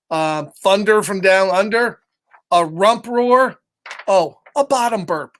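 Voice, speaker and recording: A man's voice: sits high, lively intonation, a little slow, fairly bright tone. A man reading a picture book aloud to children, playful and chatty, chuckling often and greeting listeners by name. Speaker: children's storytime reader.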